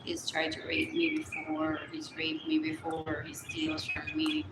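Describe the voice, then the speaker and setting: Rambling woman with loud birdsong behind. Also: deep voice, sing-song, a little slow, very noisy. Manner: rambling, repeats phrases over and over. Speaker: livestreamer. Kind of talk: rambling live stream monologue. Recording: roomy echo with loud birdsong.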